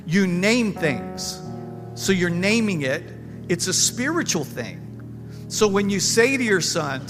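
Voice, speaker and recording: Folksy pastor preaching in a hall. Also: male voice, high-pitched, expressive, measured pace, over music. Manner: emphatic, folksy, repeats himself. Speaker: pastor leading a panel. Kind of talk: church panel talk, preaching. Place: church service.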